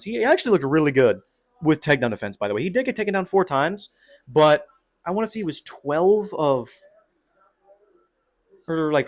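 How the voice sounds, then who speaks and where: A young man giving a casual, excitable fight breakdown, full of slang and swearing. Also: a little high. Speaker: MMA commentator.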